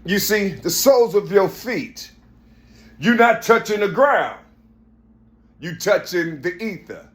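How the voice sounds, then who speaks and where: A man's voice: sits high, lively intonation, slow pace, long pauses, fairly bright tone. A man in a rambling spoken monologue who keeps saying "you see", swears a lot and often raises his voice for emphasis. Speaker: vlogger.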